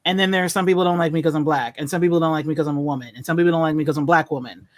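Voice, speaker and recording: A woman's voice: low voice, fairly even intonation, racing, no echo. Frank woman, dry close sound. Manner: laughing, hesitant, frank. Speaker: panelist. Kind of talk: casual discussion.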